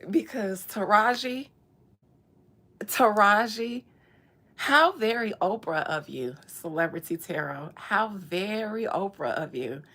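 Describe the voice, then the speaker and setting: A woman's voice: mid-range voice, slow pace, pushed and bright. A woman vlogger in casual chat, joking playfully and laughing often.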